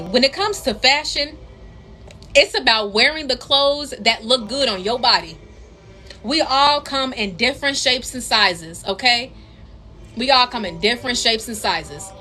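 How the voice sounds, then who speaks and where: A woman's voice: a little high, bright, forceful tone. A young woman doing a casual tarot reading for her viewers, chatty and repetitive, calling them her queens. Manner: chatty, repeats herself, addresses viewers as queens. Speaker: tarot reader and spiritual coach.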